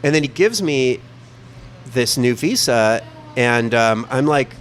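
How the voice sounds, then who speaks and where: Male podcast storyteller, mid-pitched, animated and profane, casual chat. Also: takes it slowly, soft background music. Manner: animated, profane, many "like" fillers. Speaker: podcast guest telling a travel story.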